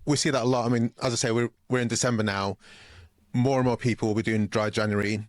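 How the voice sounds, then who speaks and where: A man hosting a podcast, relaxed and casual, with lots of fillers and easy laughs. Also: medium pitch, fast talker, no room sound, clean studio sound. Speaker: podcast host. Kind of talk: casual conversational interview.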